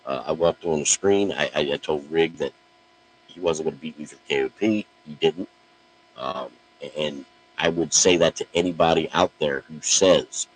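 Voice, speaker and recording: A man's voice: rumbling low, moderate pace, slight background noise, low-quality recording. A middle-aged man ranting bluntly to camera, profane and brash, often stammering on the first words of a sentence. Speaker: online wrestling promo talker. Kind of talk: blunt direct-to-camera rant.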